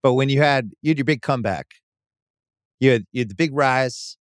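A man's voice: mid-range voice, brisk. A man in his fifties hosts a podcast and speaks bluntly, swearing freely as he builds his point. The sound is dry and close, with no room echo. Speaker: podcast host. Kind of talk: casual interview chat.

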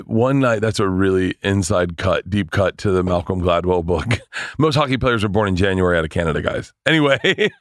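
Loud, rowdy man telling a story. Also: sits low, no room sound, clean studio sound. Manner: loud, animated, profane, laughs often. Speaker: comedian guest. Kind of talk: casual podcast storytelling.

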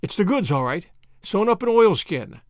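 A man's voice: sits high, very animated, moderate pace, no echo, clean studio sound. A man doing a drawling brash American young man. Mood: thrilled. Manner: drawling and blunt.

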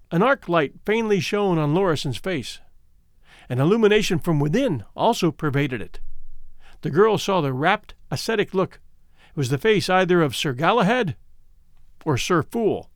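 Male narrator, story reading, lively intonation, dry close sound. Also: fairly high pitch, moderate pace, dry recording.

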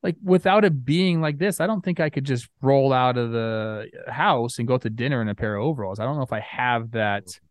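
A man co-hosting a baseball talk show, chatting in a relaxed, rambling way with plenty of filler words. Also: medium pitch, brisk, few pauses, dry recording, clean studio sound. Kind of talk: casual sports talk.

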